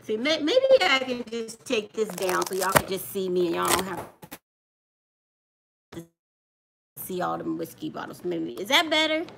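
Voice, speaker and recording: A woman's voice: medium pitch, animated, moderate pace, creaky, long pauses, background noise. A woman hosting a casual live stream from home on a handheld phone. She chats straight to her viewers and keeps telling a child to stop touching things. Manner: chatty, talks straight to viewers while scolding a child off-camera. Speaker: coin channel host. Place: home room.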